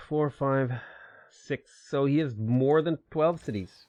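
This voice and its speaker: A man commentating his own strategy gameplay live, chatting and answering viewer questions with sudden bursts of excitement. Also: medium pitch, takes it slowly, no echo, highs cut off. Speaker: game streamer.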